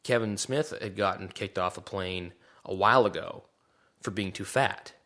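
A man with a low voice co-hosts a casual podcast conversation. He rambles and pokes fun at himself, often trailing off and restarting mid-sentence. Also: normal speed, a bit bright. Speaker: podcast co-host. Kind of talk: casual chat. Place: Vancouver area.

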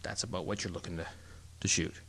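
A middle-aged man with a lowish voice, chatting as a co-host. He rambles through his stories, stumbling and restarting, and his telling is animated throughout. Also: fast, gravelly, slightly rough. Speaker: podcast co-host. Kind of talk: casual chat.

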